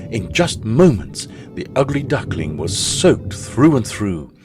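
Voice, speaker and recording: A man, a school chaplain, narrating a children's story in an expressive storytelling manner. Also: on the low side, slow pace, over music.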